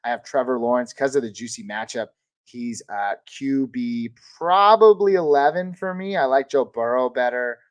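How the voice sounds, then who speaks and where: A man's voice: medium pitch, normal speed, clean tone, no echo. Casual, chatty male live streamer. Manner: relaxed, chatty, addresses chat as dude and man. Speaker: host of a live fantasy football Q&A stream.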